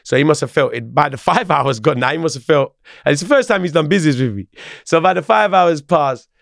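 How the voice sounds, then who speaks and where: London guy, raspy gravel in the voice, pitched a touch high, slangy and animated, close dry podcast mic. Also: brisk, no room sound. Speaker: podcast guest. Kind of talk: casual storytelling.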